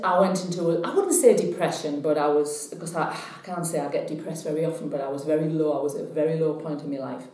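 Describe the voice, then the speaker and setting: A woman telling a personal story to camera in a chatty, animated way. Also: low-pitched. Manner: chatty, animated when retelling. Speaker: psychic vlogger. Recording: very echoey room.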